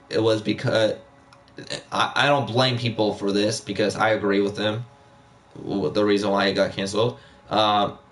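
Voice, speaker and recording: Young guy streaming, kinda low voice, rambles a lot, lots of ums and repeats. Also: a bit bright. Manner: rambling, repeats himself, many fillers. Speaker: live streamer. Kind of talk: casual live stream chat.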